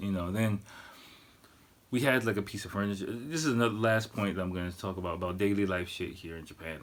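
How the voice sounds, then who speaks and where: A man with a very low voice hosts a podcast and tells his story in a relaxed, rambling way. He swears freely and keeps falling back on "like" and "you know." He sounds middle-aged. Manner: profane, laid-back, loose with fillers like "you know" and "like". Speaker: podcast host. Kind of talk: casual storytelling monologue.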